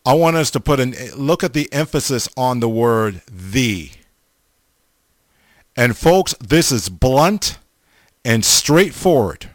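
Slow, blunt stammering preacher man. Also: medium pitch, lively intonation, no room sound, clean studio sound. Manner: blunt, repetitive, stammering restarts, emphatic. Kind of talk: sermon.

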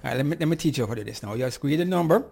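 A man's voice: on the high side, lively intonation, racing, gravelly, a little mellow. A man hosting a horse racing show, joking loosely and then reading out the runners and odds. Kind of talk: casual chat and race preview.

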